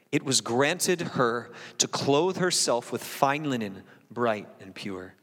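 A man's voice: mid-range voice, animated, takes it slowly, hardly any pauses, fairly bright tone. A middle-of-the-road male voice, a pastor in his forties, reads scripture and then preaches in a loose, self-deprecating style full of asides. The sound carries the long reverb of a large church sanctuary. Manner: conversational and self-deprecating, with frequent asides and "right?". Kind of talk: sermon with scripture reading.

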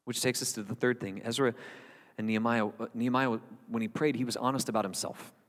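A man's voice: medium pitch, steady tone, fast talker, long reverb tail. A man preaching a sermon as the pastor, earnest and conversational, with wry asides to his congregation.

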